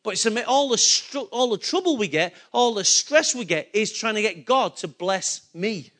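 A man's voice: high-pitched, lively intonation, normal speed, a bit bright. A male pastor preaching a sermon, emphatic and full of rhetorical questions to his congregation.

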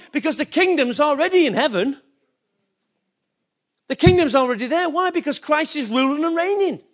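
A man's voice: very high-pitched, a bit bright. A man preaching a sermon as pastor, asking the congregation rhetorical questions and rising to emphatic points.

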